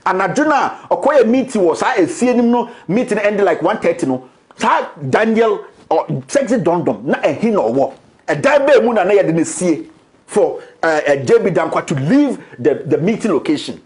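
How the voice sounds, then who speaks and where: A man with a Ghanaian accent makes a defiant public statement. His voice sits high and swings up and down a lot. He repeats himself and moves between English and Twi. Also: sing-song, moderate pace, a little mellow.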